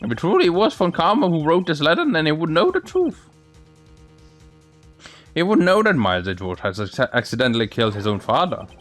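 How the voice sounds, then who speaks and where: A man's voice: fairly high pitch, big pitch swings, a little fast. A man voicing an old man who talks in an old-fashioned way, calling people my dear and me boy, over faint game music. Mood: earnest.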